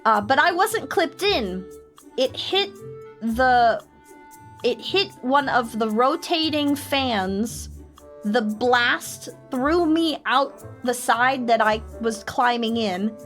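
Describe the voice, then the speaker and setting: Woman streamer, veteran, animated storyteller; high voice, relaxed pace. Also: takes it slowly, soft background music. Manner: animated, laughing, acts out friends' voices. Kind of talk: casual storytelling on a live stream.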